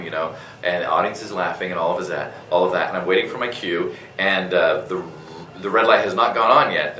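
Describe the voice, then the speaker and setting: Man, voice actor guest, animated storytelling, bright tone, echoey room, distant mic. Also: deep voice, a little hiss or hum. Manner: animated, many fillers and restarts, laughs. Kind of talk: convention interview storytelling. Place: convention room.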